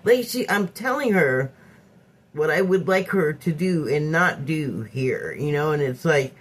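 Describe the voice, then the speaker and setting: A woman telling a personal story to camera in a casual monologue, animated and candid, swearing freely and acting out both sides of an argument. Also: deep voice, a little slow, slightly rough. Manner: acts out both sides of a quarrel in quoted voices. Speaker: vlogger.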